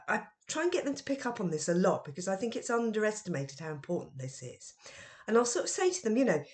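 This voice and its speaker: A middle-aged woman, talking about how teachers should handle their first meeting with a class in an expressive, question-led way. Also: medium pitch. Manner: lively and expressive, with emphatic questions. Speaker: teacher trainer and author. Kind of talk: educational podcast talk.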